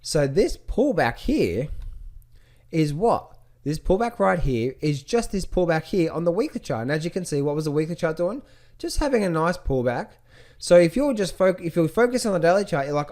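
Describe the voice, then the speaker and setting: Male trading coach, slightly raised pitch, talks through charts with repeated rhetorical questions. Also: lively intonation, normal speed, darkish tone. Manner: repetitive, rhetorical questions to the viewer. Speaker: trading educator. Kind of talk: screen-share chart tutorial.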